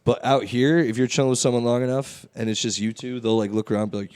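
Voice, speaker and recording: A man hosting a casual podcast chat, rambling loosely and sinking low and quiet when he muses. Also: steady tone, fast, clean tone. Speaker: podcast host.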